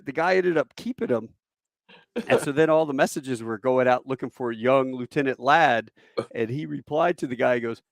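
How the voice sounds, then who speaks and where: Male podcast host, gravelly voice, lively retelling, dry close recording. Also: mid-range voice, moderate pace, dry recording. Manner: animated retelling, acts out quoted voices. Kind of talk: casual storytelling.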